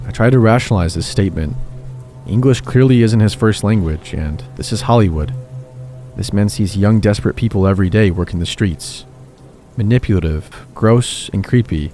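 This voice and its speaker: A man calmly telling horror stories in steady scripted narration. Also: lowish voice, brisk. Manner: calm, steady storytelling. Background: faint background music.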